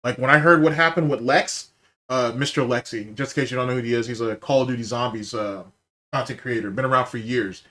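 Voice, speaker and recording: A man's voice: mid-range voice, fairly even intonation, fairly quick, sharp tone. Laid-back, foul-mouthed male podcast host. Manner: profane, loose and chatty, bursts into laughter. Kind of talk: casual chat.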